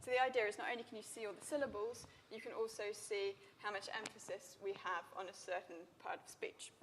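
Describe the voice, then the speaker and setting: Woman presenting an academic software demo. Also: mid-range voice, fairly even intonation, brisk, slight background noise. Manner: conversational, many fillers, self-deprecating. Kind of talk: conference presentation with live demo. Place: lecture room.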